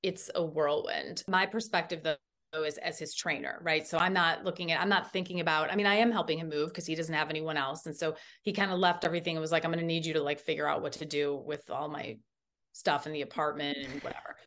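A woman in her thirties, a podcast guest, telling a story in a casual, animated way, full of "like" fillers. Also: sits low, quick pace.

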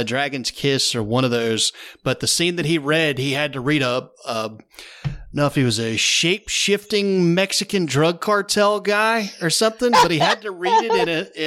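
Enthusiastic male podcast host, higher voice. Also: a bit bright. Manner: enthusiastic, upbeat interviewer. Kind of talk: casual podcast chat.

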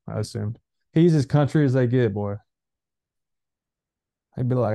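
A man in his thirties, a former player co-hosting a podcast, talking in an animated, rambling way with lots of fillers. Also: medium pitch, unhurried, gravelly, pauses often, dry recording. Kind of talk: casual chat.

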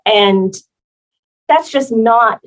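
A woman guest on a podcast interview, explaining her work as a facility planner in a measured way. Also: fairly high pitch, animated, poor audio.

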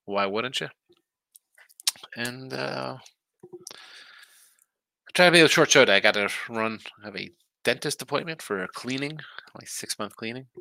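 A man's voice: mid-range voice, animated, moderate pace, gravelly, long pauses, bright, forceful tone, dry recording. A man hosting a casual sports betting picks show, talking in a rambling, trailing-off way while sleepy and yawning.

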